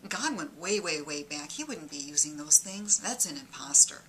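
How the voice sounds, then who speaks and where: A woman with a Midwestern Detroit accent giving a deadpan comedic monologue of mock-earnest warnings. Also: low-pitched, normal speed, a little hiss or hum. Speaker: comic monologist.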